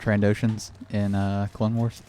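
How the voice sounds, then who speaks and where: A man's voice: lowish voice, flat delivery, unhurried, warm tone, a little hiss or hum. A man co-hosting a casual gaming podcast, jokey and laughing often. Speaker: podcast co-host.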